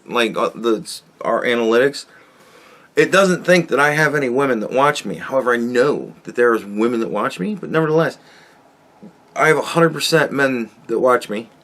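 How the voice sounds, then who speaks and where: A podcast host rants alone on his own show, casual, exasperated, and sarcastic, swearing and frequently restarting sentences. His medium-pitched voice is fairly bright, lively in intonation, and at normal speed.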